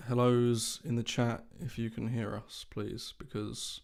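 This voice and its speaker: A man hosting a casual coding livestream, chatty and relaxed as he greets viewers. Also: medium pitch, unhurried, creaky. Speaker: livestream host, developer.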